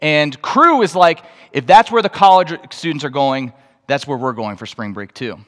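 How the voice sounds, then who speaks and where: Animated male preacher in a reverberant hall. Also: fairly high pitch, moderate pace. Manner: animated storytelling, rising to excited outbursts. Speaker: pastor. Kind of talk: sermon. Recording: long reverb of a large hall.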